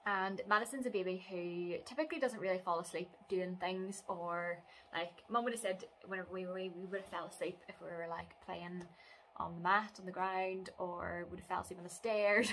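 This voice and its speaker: A woman's voice: fairly low pitch, fairly bright tone, slight background noise. A young woman, chatting casually at home as a mother vlogging, dropping into sing-song baby talk. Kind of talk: casual vlog chat. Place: at home, indoors.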